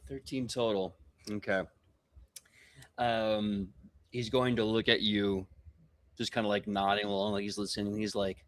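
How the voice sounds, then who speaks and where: A man working as game master, narrating a live tabletop game in a relaxed, casual way. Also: fairly low pitch, unhurried, pauses often.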